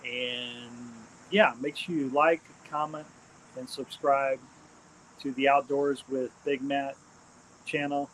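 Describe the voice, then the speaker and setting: A man hosting a casual live stream, rambling and repeating his shout-outs with many ums and uhs. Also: mid-range voice, flat delivery, slow pace, slight background noise, poor audio. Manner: hesitant, frequent ums and uhs.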